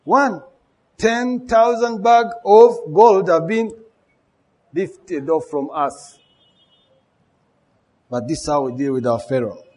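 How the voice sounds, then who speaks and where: Husky-voiced man preaching a sermon. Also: sits high, slow pace, long pauses, darkish tone. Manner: emphatic, repeats key words, rhetorical questions.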